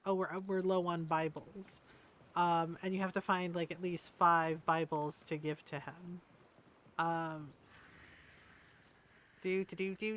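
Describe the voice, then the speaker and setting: A woman's voice: on the low side, fairly bright tone. A woman streaming a game, chatting casually and rambling, with bursts of indignation. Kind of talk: casual gameplay commentary.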